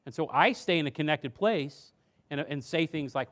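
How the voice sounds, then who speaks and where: A man presenting a seminar on parenting and addiction to a live audience, talking conversationally with rhetorical questions and going soft and low on earnest points. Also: normal speed. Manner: conversational, rhetorical questions, acts out quoted voices.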